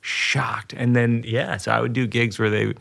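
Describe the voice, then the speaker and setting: A man's voice: mid-range voice, flat delivery, unhurried, creaky, fairly bright tone. A man hosting a podcast, chatting casually and reacting with short agreements and his own stories. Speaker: podcast host. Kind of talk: casual conversation.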